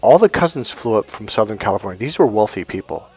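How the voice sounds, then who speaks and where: A middle-aged man, a dating coach, tells a personal story to his viewers. He swings from loud bursts to low, quiet asides and swears freely. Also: very animated, fast, husky, soft background music.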